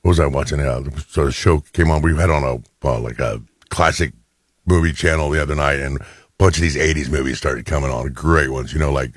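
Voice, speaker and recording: A man's voice: a bass voice, fairly even intonation, a little fast, no echo, studio quality. A middle-aged man hosting a radio show, chatting casually and telling little stories, often doing other people's voices. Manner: chatty storyteller, quotes people in changed voices. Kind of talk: casual on-air banter.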